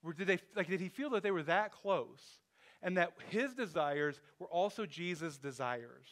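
A man's voice: high voice, animated, moderate pace, a bit bright. A man preaching a sermon in a loose, conversational way, thinking aloud with restarts and asides. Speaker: pastor.

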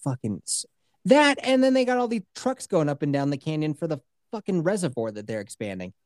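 A woman's voice: deep voice, very animated, fairly quick, a little mellow, no room sound, studio quality. A woman co-hosting a podcast, telling a long story in a casual way, cursing freely and acting out what other people said. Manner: swears freely and acts out other people's voices. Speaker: podcast co-host.

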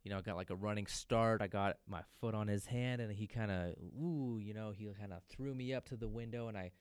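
A man's voice: lowish voice, brisk, smooth, no echo. A man casually telling a personal story, loose and profane, peppering his talk with "dude" and "man".

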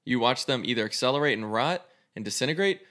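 A man's voice: medium pitch, expressive, fast, pushed and bright. Man casually reading a story aloud. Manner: casual, swears freely while reading. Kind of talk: reading a choose-your-own story aloud.

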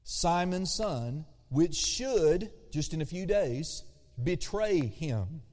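Preacher, male, high pitched, animated, loud then hushed, recorded with hall reverb. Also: takes it slowly. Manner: animated, shifts between loud emphasis and hushed asides. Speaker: pastor. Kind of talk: sermon. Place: church sanctuary.

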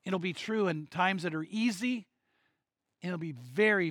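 A man's voice: sits high, measured pace, fairly bright tone, no echo. A man preaching a sermon, telling a story and acting out the voices of the people in it. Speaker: pastor.

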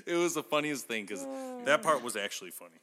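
Bright-voiced man hosting a podcast. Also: mid-range voice, lively intonation, fast talker, big-room sound. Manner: laughing, rambling storyteller. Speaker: podcast host. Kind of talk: casual podcast chat.

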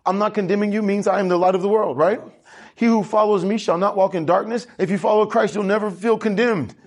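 A man preaching a lively sermon as pastor, asking the congregation questions and drawing answers back. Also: high-pitched, fast. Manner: animated preaching with congregation call-and-response.

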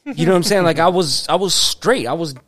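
A man's voice: on the high side, fairly quick, crowd noise. A man co-hosting a podcast in casual chat, rambling with many restarts and fillers. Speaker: podcast co-host.

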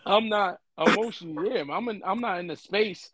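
A man's voice: high voice, fairly quick, a bit bright, no echo. A young man talking on a podcast, earnest and emphatic, often repeating himself. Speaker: podcast host. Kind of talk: casual podcast talk.

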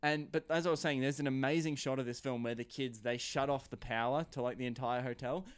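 A man's voice: mid-range voice, fairly even intonation, a little fast, clean tone, no room sound. A man talking about a film in a casual chat, enthusiastic and rambling, peppering his talk with "like" and swearing. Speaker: film reviewer.

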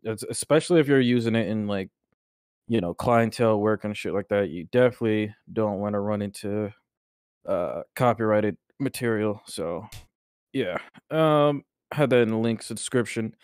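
A man's voice: fairly low pitch, normal speed, a little mellow, smooth, no echo, studio quality. A man co-hosting a casual podcast, talking loosely and swearing, often laughing hard. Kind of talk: casual chat.

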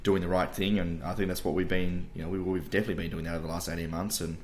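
A man's voice: deep voice, fairly even intonation, very fast, a little mellow, slight background noise. An Australian man co-hosting a podcast, chatting casually and swearing, with lots of "like" and "mate". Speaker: podcast co-host. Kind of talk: casual chat.

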